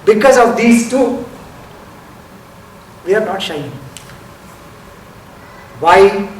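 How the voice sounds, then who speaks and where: Man, high-pitched, meditation teacher, explains and asks rhetorical questions, miked from a distance. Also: expressive, slow. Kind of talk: spiritual lecture. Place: lecture hall. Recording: roomy hall, distant mic, faint noise.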